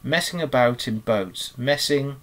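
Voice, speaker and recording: A kindly water rat from a storybook, solemn and unhurried, a touch higher than the reader's plain voice, as a man puts him on. He lingers on his words in a dreamy, easy way throughout. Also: natural voice. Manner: solemn and relaxed, a little dreamy. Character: genial, dreamy male water rat, older friend.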